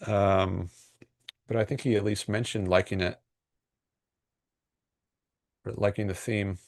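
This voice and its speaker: Man, livestream host, casual rambling chat, lowish voice, dry close sound, lots of ums and restarts. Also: steady tone, takes it slowly, dry recording. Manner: rambling and hesitant, frequent fillers and restarts. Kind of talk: casual livestream chat, reading viewer comments.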